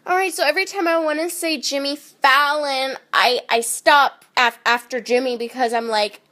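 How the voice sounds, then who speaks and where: A tipsy young woman rambles goofily into her phone at home. Her voice is high, bright and clearly stuffy and nasal. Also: fairly even intonation, normal speed. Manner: goofy, rambling and chatty. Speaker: makeup artist. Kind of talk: casual drunk phone vlog. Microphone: phone camera.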